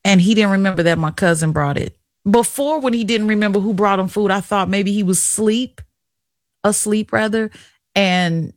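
A woman's voice: medium pitch, no echo, clean studio sound. A middle-aged woman hosting a radio talk show, speaking candidly and emotionally in a confiding, chatty way. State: tearful at times. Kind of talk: emotional personal radio monologue.

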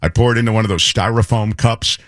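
A man co-hosting a show, telling a lively anecdote in casual chat and imitating people as he goes. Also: on the low side, fast talker, no echo, clean studio sound. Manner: animated anecdote teller, imitates voices.

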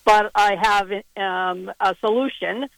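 A woman calling in to a radio show. She talks hesitantly with many pauses but keeps a playful tone. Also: mid-range voice, steady tone, gravelly, a bit bright, no echo, rough recording. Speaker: caller. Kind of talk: call-in radio chat.

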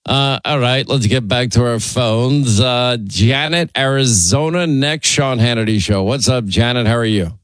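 A man's voice: medium pitch, measured pace, hardly any pauses, a bit bright, no room sound. A man hosting a talk radio show, chatting casually with fillers and asides. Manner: conversational, musing, frequent fillers. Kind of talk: casual radio banter and call-taking. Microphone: studio microphone.

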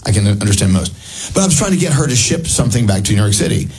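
A man hosting a radio show in casual chat, telling stories in an animated way. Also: on the low side, very fast, noisy background. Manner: storytelling, animated. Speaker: radio host.

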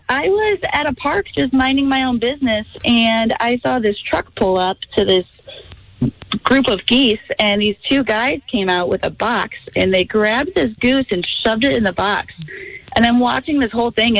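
A woman calling in to a radio show, excitedly telling a story in a breathless rush. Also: fairly high pitch, moderate pace, rough recording. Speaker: caller. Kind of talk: phone-in radio chat.

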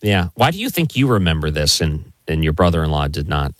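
A man hosting an interview, asking steady, probing questions and recapping the guest's story. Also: extremely low pitch, fairly quick, no room sound. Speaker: interview host.

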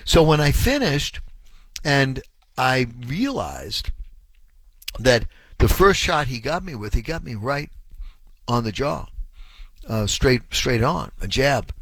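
A man's voice: medium pitch, lively intonation, a little slow, a bit bright, no echo. A man in his sixties hosting a call-in radio show, telling a long anecdote in a rambling way, full of ums and chuckles. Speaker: radio talk show host.

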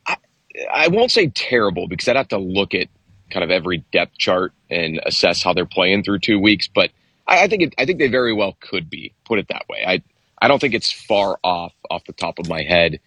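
A man co-hosting a sports radio show, talking football in a halting way with many restarts. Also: low-pitched, big pitch swings, sharp tone, husky, no echo. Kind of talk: casual sports talk.

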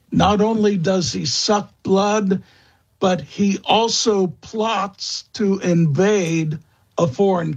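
A man speaking as a guest expert in an interview, slow and halting, with many fillers and restarts. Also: high voice, gravelly, breathy edge, lo-fi sound. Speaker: guest expert on vampire lore. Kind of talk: interview answers.

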